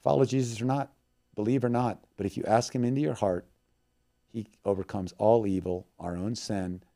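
Man, guest, dark mellow tone, earnest, emotional storytelling, prayer. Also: fairly low pitch, fairly even intonation, moderate pace. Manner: earnest, emotional, swings between loud and hushed. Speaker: missionary guest.

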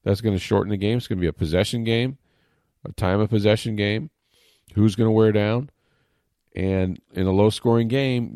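A man giving sports talk commentary as an analyst, animated and emphatic, mocking critics with repeated phrases. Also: fairly low pitch, no room sound, studio quality. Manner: animated, mock-quoting critics, emphatic repetition.

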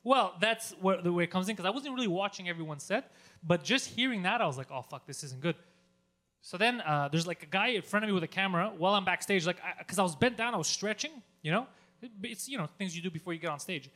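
A man telling a story on a podcast in a casual, animated way, swearing a lot and acting out his own yelling. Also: high-pitched, fast. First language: Greek. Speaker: podcast co-host.

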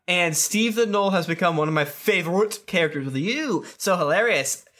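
Bright-voiced man reading listener reviews. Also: high voice, expressive, normal speed. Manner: playful, jokey asides between quotes. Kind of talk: reading reviews aloud, casual.

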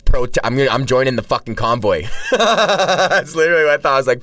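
A man's voice: mid-range voice, fairly quick, fairly bright tone, no echo. Swearing man ranting on a distant mic. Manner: rambling, heavy swearing, frequent self-restarts. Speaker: podcast host and stand-up comedian. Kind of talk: casual solo podcast rant. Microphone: cheap mic, set back from the speaker. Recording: distant, dry sound from a poor mic.

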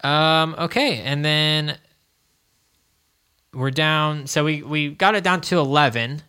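A man's voice: on the high side, slow pace, sharp tone, smooth. A man co-hosting a podcast in casual chat, rambling loosely and laughing often. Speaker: podcast co-host.

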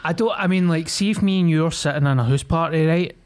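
Scottish male co-host, slightly higher voice, blunt and foul-mouthed banter. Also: quick pace, clean tone. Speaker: podcast co-host. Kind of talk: casual chat.

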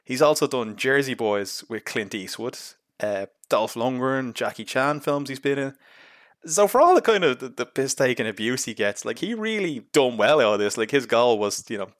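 A man's voice: mid-range voice, no echo, studio quality. A young man giving blunt, sarcastic, chatty commentary on films as a show host. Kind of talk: casual film commentary.

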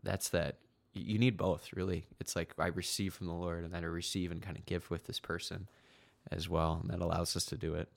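Deep, gravelly young man. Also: flat delivery, dry recording. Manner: halting, many fillers and restarts. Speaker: podcast host. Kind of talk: casual faith discussion.

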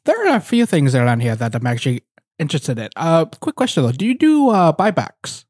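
A man's voice: on the high side, fairly quick, dry recording. Player, man, mid voice, dry close sound, earnest item reading. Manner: earnest, reads item text in a steady way. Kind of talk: casual tabletop game chat.

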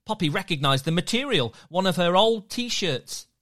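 Lively children's storyteller. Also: mid-range voice, normal speed.

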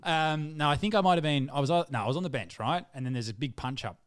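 A man's voice: a little high, quick pace, clear, resonant tone, no echo, clean studio sound. An Australian man co-hosting a podcast, telling rambling, crude footy stories. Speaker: podcast co-host. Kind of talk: casual storytelling.

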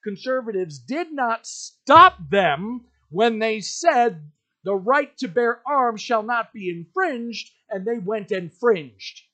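A man's voice: extremely high pitch, big pitch swings, takes it slowly, pushed and bright. A man hosting a podcast, delivering an emphatic, ranting monologue with lots of repetition. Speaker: podcast host.

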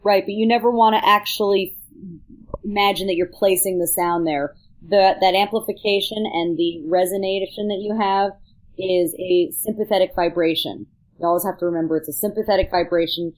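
A woman's voice: medium pitch, fairly even intonation, fairly quick, low-quality recording. A woman who is a vocal coach, explaining singing technique and showing sounds as she goes. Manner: instructive, demonstrates sounds while explaining. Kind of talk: teaching on a talk show.

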